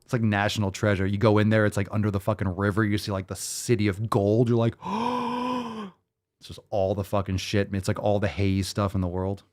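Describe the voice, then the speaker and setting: A man's voice: on the low side, little pitch movement, quick pace, few pauses, darkish tone. A man hosting a show, talking in casual, profane, rambling commentary with a sarcastic, exasperated edge. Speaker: show host. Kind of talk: livestream commentary.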